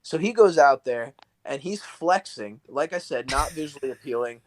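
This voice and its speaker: A man's voice: a little high, animated, normal speed, no echo, low-quality recording. A young man, a professional wrestler guesting on a podcast, telling stories in a casual, rambling way full of fillers. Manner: rambling, filler-heavy storytelling. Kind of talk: casual storytelling interview.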